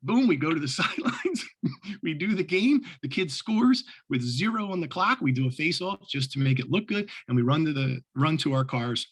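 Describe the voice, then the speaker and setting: Man, middle-aged, slightly husky, lively storyteller, lacrosse referee talk. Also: a little high, normal speed. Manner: animated storyteller, many restarts. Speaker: lacrosse official.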